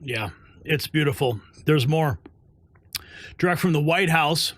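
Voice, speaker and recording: A man's voice: fairly high pitch, lively intonation, a little slow, a bit bright, no room sound, studio quality. A man hosting a news commentary show, with a punchy, hyped delivery.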